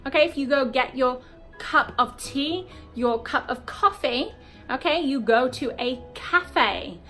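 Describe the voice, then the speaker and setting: British woman teaching English words slowly. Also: sits high, expressive, sharp tone, faint music behind. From Britain. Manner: explains slowly, repeats words, frequent "okay?". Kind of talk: casual video lesson.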